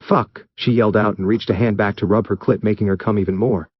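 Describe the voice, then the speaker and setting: A man with a low, slightly breathy voice reads a fan fiction story aloud quickly, keeping his narration steady and even. Dry and close, the audio is dull and muffled, with no echo from the room.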